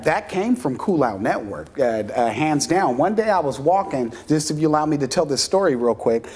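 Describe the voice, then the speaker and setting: A man, an MC from Seattle, telling a story in an interview and acting out other people's voices. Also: sits high. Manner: animated storyteller, acts out voices.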